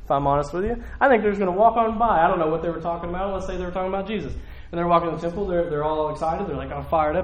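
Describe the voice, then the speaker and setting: A man's voice: high-pitched, rapid-fire, a little hiss or hum, low-quality recording. A man preaching a casual sermon, conversational, acting out little voices as he tells the story.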